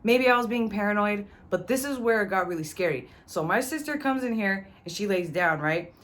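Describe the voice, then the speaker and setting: A woman's voice: medium pitch, animated, brisk, fairly bright tone. A young woman vlogger telling a personal story in a casual, slangy way, cursing freely and addressing the viewer directly. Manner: slangy, profane, talks straight to the viewer.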